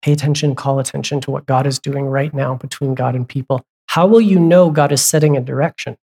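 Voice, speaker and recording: A pastor preaching a sermon in a conversational way, asking the congregation question after question and breaking off for asides and quick corrections. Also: medium pitch, steady tone, dark tone, slightly rough. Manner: asks the congregation repeated questions.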